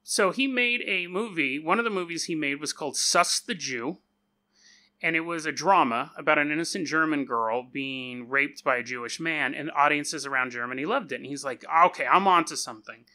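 A man's voice: a little high, moderate pace, bright, forceful tone. A man hosting a podcast, retelling a story in a chatty, joking way with offhand asides. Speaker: podcast host. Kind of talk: casual storytelling.

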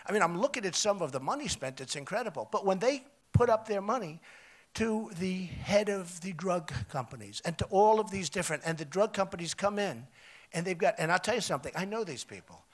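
An older man with a New York accent speaks at a podium microphone in a rambling rally style. His fairly high voice repeats itself, jumping from loud, emphatic bursts to quiet, confiding asides. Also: expressive, a little fast. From United States. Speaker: political candidate. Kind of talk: rally speech. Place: outdoor resort rally.

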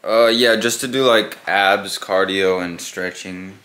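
Bright-toned young man chatting to camera. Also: sits low, fairly even intonation, slow pace. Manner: rambling, many fillers like "like" and "you know". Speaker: family vlogger. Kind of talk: casual vlog talk to camera.

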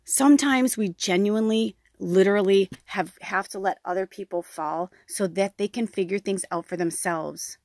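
A woman's voice: mid-range voice, moderate pace, hardly any pauses, no room sound, studio quality. A woman in her thirties, a spiritual medium giving a casual, frank reading, swearing freely and telling her own stories with lots of fillers. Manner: frank, profane, animated storytelling.

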